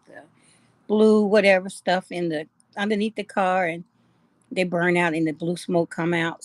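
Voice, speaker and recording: A woman's voice: on the low side, no room sound. A middle-aged woman with a drawl hosts a live stream and chats easily with her viewers. She greets people by name and laughs a lot. The sound is dry and close. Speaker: live-stream host of a jewelry shop.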